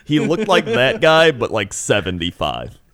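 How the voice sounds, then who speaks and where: Male co-host, relaxed storyteller, animated delivery. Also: medium pitch, unhurried, no echo. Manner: laid-back, laughs often, acts out people in stories. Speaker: podcast co-host. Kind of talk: casual chat, storytelling.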